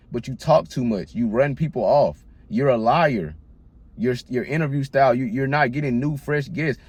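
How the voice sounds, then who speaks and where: A man's voice: medium pitch, darkish tone. A man hosting his own channel, delivering a blunt, profane rant straight to the camera. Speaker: channel host.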